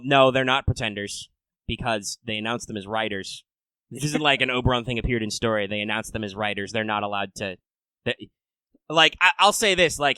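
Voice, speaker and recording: Bright-voiced man rambling on a podcast. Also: medium pitch, clear, resonant tone, no room sound, low-quality recording. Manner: rambling, profane, swings between loud rants and mutters. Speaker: podcast host. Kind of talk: casual podcast chat.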